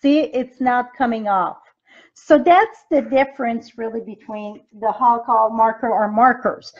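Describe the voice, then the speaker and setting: A woman with a high voice takes her time as she hosts a live-streamed craft demo. She talks straight to her viewers, explaining each step with loose grammar and plenty of ums. The audio is dull and lo-fi, like a phone stream. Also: unhurried. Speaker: craft demonstrator and team leader. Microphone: device mic from a live video stream.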